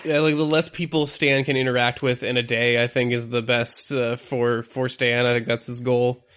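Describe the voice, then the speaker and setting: A man co-hosting a podcast in casual chat, rambling and halting, often breaking into laughter. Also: medium pitch, level tone, a bit bright, clear, resonant tone. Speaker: podcast co-host.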